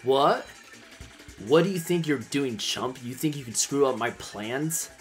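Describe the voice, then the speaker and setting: A man's voice: mid-range voice, expressive, measured pace, soft background music, natural voice. Man doing a villain commander, pompous, scheming, mocking, menacing, game character.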